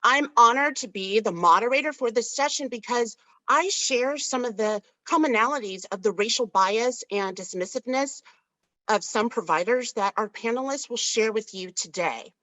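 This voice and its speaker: A woman moderates an online panel discussion with a composed manner. Her voice is bright and slightly high. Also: moderate pace, rough recording. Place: video call.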